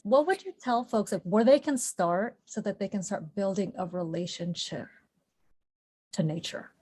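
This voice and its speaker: A woman's voice: mid-range voice, animated, a little slow, dark tone. A woman with a mid-range voice hosts an interview conversation. She sounds affirming and encouraging, and she steers the talk with open questions. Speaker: podcast host.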